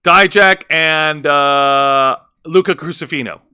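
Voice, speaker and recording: Animated, bright-voiced man ranting. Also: fairly high pitch, takes it slowly, smooth. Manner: animated, swears, stumbles and restarts, voice jumps up when worked up. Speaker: podcast co-host. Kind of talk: casual wrestling review chat.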